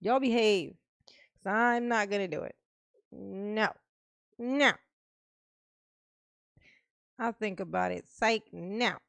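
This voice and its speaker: A woman's voice: medium pitch, slow, creaky, pauses often, a bit bright, no echo. A woman hosting her channel, chatting casually and playfully with her viewers and calling herself Mama. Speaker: channel host. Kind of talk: casual livestream sign-off chat.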